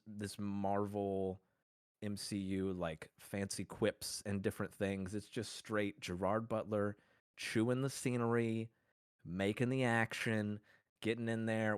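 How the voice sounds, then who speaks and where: Playful low-voiced man arguing mock-formally. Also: clear, resonant tone, dry recording, clean studio sound. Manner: playful, rambling, mock-formal, laughs often. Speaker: podcast co-host. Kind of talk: casual mock-courtroom argument.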